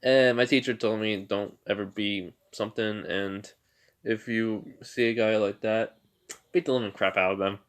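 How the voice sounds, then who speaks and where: A man's voice: fairly low pitch, steady tone, normal speed, smooth, natural voice. A man voicing a laid-back, teasing teenage boy hero in a fan-made story, offhand and unbothered. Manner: drawling, offhand, indifferent.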